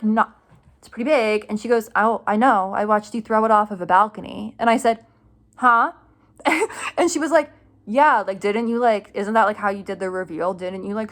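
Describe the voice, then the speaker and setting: A young woman casually telling a story to her camera, excited and rambling, full of fillers and quick laughs. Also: medium pitch. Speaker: vlogger telling a fan story.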